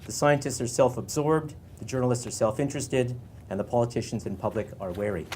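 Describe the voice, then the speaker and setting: Man, science journalist, conference talk, conversational, easygoing, mid pitch, faint background hum. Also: brisk. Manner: relaxed, conversational, with fillers and light laughter. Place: conference centre.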